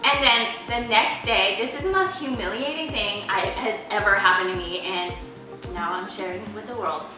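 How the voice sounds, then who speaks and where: A young woman chatting as a guest over a meal, an animated storyteller who acts out the voices of people she quotes. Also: medium pitch, normal speed. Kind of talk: casual chat over a meal. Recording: echoey room, mic far off, music behind.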